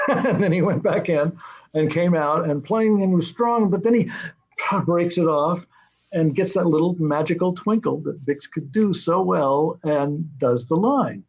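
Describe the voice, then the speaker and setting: An older man spins showbiz anecdotes over a muffled, lo-fi remote connection. His voice sits a little high for a man, and he jumps into the voices of the people he quotes. It sounds like a guest who has told these stories before and loves telling them. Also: a little slow. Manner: animated, acts out quoted voices. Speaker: guest, TV series creator. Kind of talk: anecdotal storytelling. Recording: muffled lo-fi audio.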